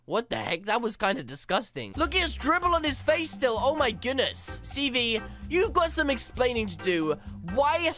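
A man's voice: very high-pitched, very animated, normal speed, few pauses, sharp tone. A man giving playful, dramatic and whiny commentary while playing a video game. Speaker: gaming YouTuber. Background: game music.

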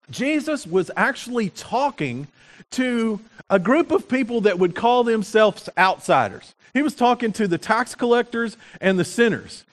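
Male pastor, high voice, casual storytelling sermon, lots of fillers. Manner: conversational, storytelling with frequent fillers and restarts. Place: church sanctuary.

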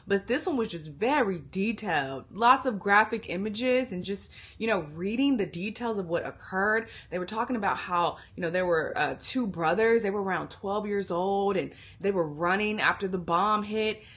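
A woman's voice: lowish voice, pushed and bright, slightly rough. A young adult woman chatting candidly to camera as a travel vlogger, emotional and swearing freely. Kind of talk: casual vlog chat to camera.

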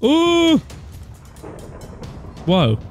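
A man giving excitable, nervous let's-play commentary, exclaiming and talking to himself as he plays. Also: very high-pitched, extremely slow, soft background music. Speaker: gaming YouTuber.

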